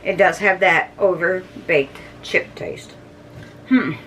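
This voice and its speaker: Faint background noise comes through a distant mic as a middle-aged food vlogger reviews snacks casually to camera, humming and chewing between bites. She speaks slowly in a fairly low, slightly bright voice.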